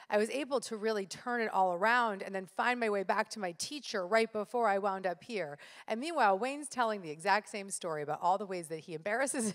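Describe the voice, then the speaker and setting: A woman's voice: medium pitch, fairly bright tone. A woman speaking live to an audience, telling stories with energy and addressing the crowd directly. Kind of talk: motivational live talk. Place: stage in a large hall. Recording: live hall with reverb.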